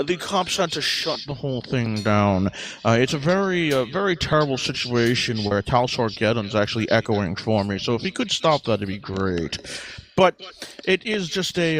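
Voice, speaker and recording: A man voicing a pompous, snobbish rich duck gentleman who talks down to everyone with hesitations, in an improvised comedy chat. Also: mid-range voice, animated, normal speed, crowd noise, natural voice. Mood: mock concern. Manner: pompous, condescending drawl with frequent hesitations.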